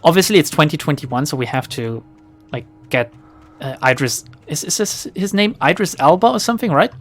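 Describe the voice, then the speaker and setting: A streamer chats casually while playing, drifting from tangent to tangent. The voice sits at a middle pitch but swings in a lively way. Laughs break in often. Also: fairly quick. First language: German. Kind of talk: casual let's play chat.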